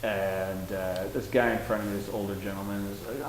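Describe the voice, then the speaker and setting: A man co-hosting a casual talk show in a pub, swearing often as he tells animated stories. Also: on the low side, normal speed, a little hiss or hum. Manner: profane, animated storyteller. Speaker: co-host. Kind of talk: casual bar chat. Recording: roomy pub recording, faint ambience.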